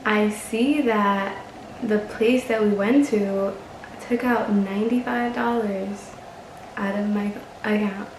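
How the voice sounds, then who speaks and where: A woman's voice: mid-range voice, fairly even intonation, takes it slowly, echoey room, a little hiss or hum, low-quality recording. A young woman vlogger telling a casual story, chatty and exasperated, swearing and laughing often.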